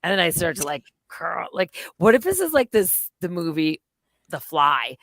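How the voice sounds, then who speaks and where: A middle-aged woman, a podcast guest, chatting casually in an animated, rambling, jokey way with many restarts. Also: lowish voice, moderate pace, dry recording.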